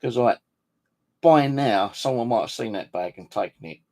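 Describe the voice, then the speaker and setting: Fed-up bloke ranting his story, gravelly voice, swears a lot. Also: medium pitch, animated, normal speed, a little mellow. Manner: swears freely, indignant, retells dialogue. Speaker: vlogger. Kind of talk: angry storytelling monologue.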